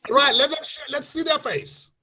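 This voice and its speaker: Excitable webinar host guy, super high pitched, shouty, on a video call. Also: moderate pace. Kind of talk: hyped online sales webinar.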